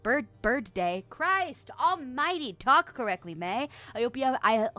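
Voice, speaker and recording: A woman's voice: a little high, expressive, takes it slowly, sharp tone, no echo. A woman streamer in casual chat, reading chat messages aloud with lots of laughter and self-mocking jokes.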